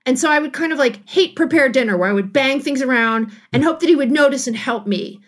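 A middle-aged woman, a guest author on a podcast, telling a personal story in a casual, animated way and laughing often. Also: high voice, quick pace. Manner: animated, laughing, acts out quotes.

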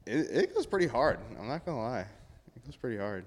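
A young man co-hosting a casual podcast chat, animated and quick to laugh, trailing off mid-thought. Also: mid-range voice, in a large hall. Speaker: podcast co-host.

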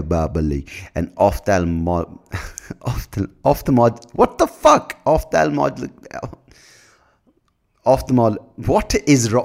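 A man's voice: low-pitched, darkish tone. A man hosting his own podcast in a casual, rambling monologue, self-mocking, swearing freely and tripping over his words. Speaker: podcast host.

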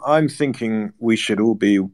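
Man contributor with a very low voice, emphatic news analysis. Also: a little slow, darkish tone. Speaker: podcast contributor.

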